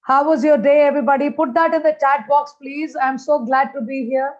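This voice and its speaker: High, energetic woman keynote speaker. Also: a little fast. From India. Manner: energetic, chatty, addresses audience directly. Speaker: motivational speaker. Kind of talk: conference keynote over video call. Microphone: video call. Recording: slightly dull video-call audio.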